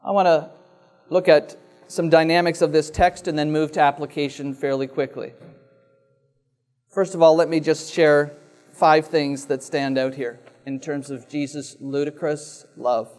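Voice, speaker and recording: A man with a fairly high voice delivers a sermon, reading scripture aloud and then unpacking it. He speaks slowly and deliberately, leaning on pauses and repeating key lines for emphasis. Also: flat delivery, a little mellow. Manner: slow, deliberate preaching with dramatic pauses and repetition. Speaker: preacher.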